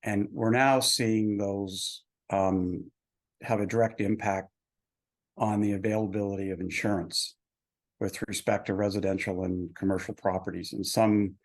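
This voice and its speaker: A man with a fairly low voice hosts a business webinar. He asks his questions haltingly, restarting and repeating words as he goes. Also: fairly even intonation. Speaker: webinar host. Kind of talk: asking interview questions.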